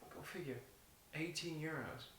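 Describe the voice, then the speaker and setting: Man, guest on a beer review, teasing dry banter, bright voice, echoey room. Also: fairly high pitch, moderate pace, slight background noise. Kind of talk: casual chat. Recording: roomy echo.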